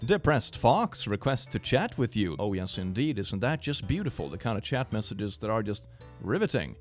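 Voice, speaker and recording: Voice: medium pitch, sing-song, normal speed, faint music behind. A comedic commentator reading awful messages aloud in mock-dramatic, sarcastic voices.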